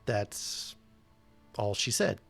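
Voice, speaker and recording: A man's voice: fairly low pitch, expressive, extremely slow, creaky, faint music behind. A man running a tabletop game, recapping with dry, short prompts to the players. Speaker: game master.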